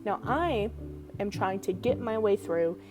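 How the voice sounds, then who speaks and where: A woman vlogger telling a personal story in an animated, dramatic, self-mocking way. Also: mid-range voice, a little slow. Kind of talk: storytime vlog. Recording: music playing underneath.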